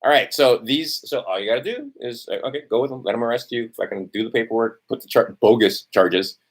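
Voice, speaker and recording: A man's voice: medium pitch, lively intonation, a little fast, slightly rough. Profane, testy ranting man. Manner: profane, testy, repeats "right?"; reads from notes, loses his place. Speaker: vlogger. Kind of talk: heated ranting monologue to camera.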